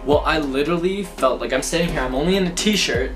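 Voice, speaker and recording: A young man telling spooky personal stories to camera in a lively, chatty way. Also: on the high side, fast. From Canada. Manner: lively, chatty, acts out his reactions, laughs often. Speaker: vlogger. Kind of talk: casual storytelling to camera. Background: background music.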